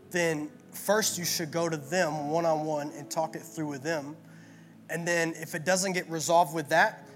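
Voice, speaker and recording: A man's voice: a little high, fairly bright tone. A man preaching a sermon at a church gathering in an earnest, repetitive style full of rhetorical questions. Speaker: pastor.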